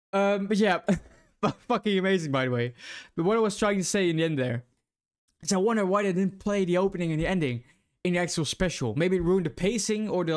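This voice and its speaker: A young man swearing freely as he reacts casually to an anime opening and ending, loud and excited at times, hushed and quiet when moved. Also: high-pitched. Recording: faint music playing behind. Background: anime music playing.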